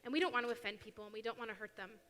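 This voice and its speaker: A young woman gives a casual, lively church talk and acts out little quotes as she goes. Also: a little high, racing, a little hiss or hum. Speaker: youth speaker at church. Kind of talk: sermon talk. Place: church hall. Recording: long hall reverb.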